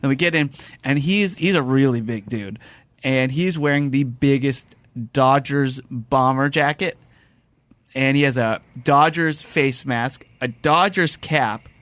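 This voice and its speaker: A man hosting a casual podcast chat, telling an anecdote in an animated way, often laughing and restarting his sentences. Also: mid-range voice, unhurried, no room sound. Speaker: podcast host.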